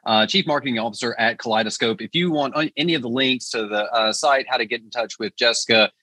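A man's voice: medium pitch, fast talker, pushed and bright, slightly rough, no echo. A man hosting an interview podcast, eager and chatty, often stumbling and restarting his sentences. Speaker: podcast host. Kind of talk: conversational interview.

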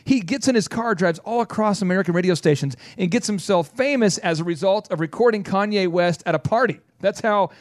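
A man's voice: high voice, no echo, clean studio sound. A man hosting a business radio show, telling a story with energy and acting out the quotes of the people in it. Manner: energetic storyteller who acts out quotes in quick bursts.

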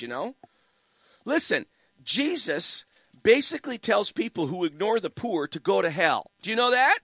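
Here the same worked-up talk radio host preaches at his call-in audience, pounding out rhetorical questions in a brisk, very animated delivery. His pitch runs high for a man and his tone is a bit bright. The recording is close and dry from a studio microphone, with no room sound at all.

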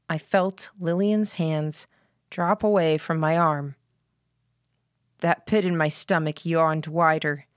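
An audiobook narrator, a woman with a fairly low voice, reads a scripted first-person story in a steady, reflective way. The recording is dry with clean studio sound.

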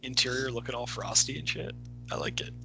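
A man's voice: medium pitch, fairly quick, vocal fry, sharp tone, slight background noise, poor audio. A man co-hosting a casual movie commentary podcast, making dry, sarcastic remarks. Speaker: podcast co-host.

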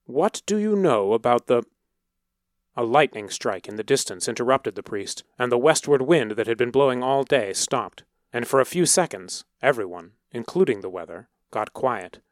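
Guy reading a story out, measured and dramatic, dry close sound. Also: mid-range voice, lively intonation, no echo. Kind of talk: scripted narration.

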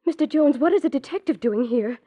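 A woman's voice: high voice, animated, brisk. An actress playing a nervous, fluttery young woman secretary in 1940s radio acting style. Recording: dull old radio recording.

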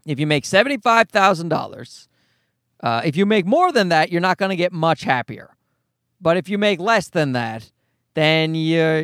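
A man's voice: a little high, vocal fry, a bit bright, no room sound, studio quality. A man in his forties hosting a casual solo podcast, rambling, swearing freely and poking fun at himself. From Canada. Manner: rambling, profane, self-deprecating. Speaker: podcast host.

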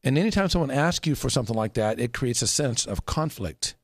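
A man's voice: medium pitch, animated, fairly quick, husky, no echo, clean studio sound. A man coaching in casual chat, talking emphatically and laughing often.

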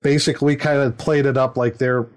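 A man's voice: mid-range voice, fairly even intonation, brisk. A middle-aged man, a dungeon master, telling a story in casual chat, rambling with fillers and chuckles. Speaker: dungeon master, podcast host.

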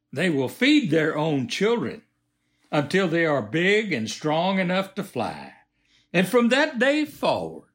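Brief: male lecturer, slow and emphatic, very lively pitch. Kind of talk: preachy moral monologue.

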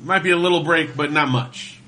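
A man's voice: a little high, a little fast, bright, forceful tone, rough recording. A man co-hosting a casual podcast, answering in short, easygoing replies. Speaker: podcast co-host. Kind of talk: casual chat.

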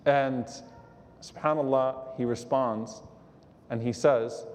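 A man giving a sermon to a live audience, animated, acting out the quotes in his stories and quizzing the crowd. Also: medium pitch, moderate pace. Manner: animated, acts out quotes, asks the audience questions. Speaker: preacher. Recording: long hall reverb.

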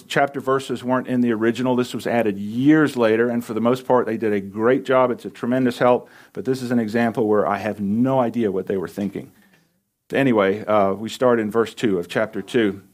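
A man preaching a conversational Bible sermon, emphatic, with animated asides to the congregation. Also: lowish voice, a little fast. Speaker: pastor.

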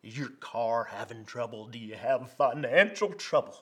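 A man's voice: mid-range voice, animated, moderate pace, a bit bright, pitched below the performer's own voice. A man putting on a Texas accent to voice a folksy male televangelist who asks rhetorical questions about demons. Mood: preachy. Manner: drawling, rhetorical preacher questions.

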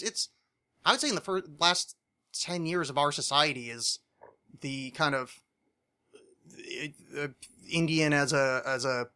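Nasal American man, bright voice. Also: a little high. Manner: rambling, many fillers and restarts. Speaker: podcast co-host. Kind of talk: casual chat.

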